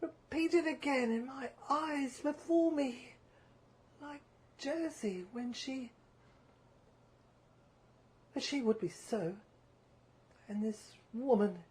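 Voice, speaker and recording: A woman reading a first-person story aloud, measured and deliberate. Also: high-pitched, darkish tone. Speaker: story reader.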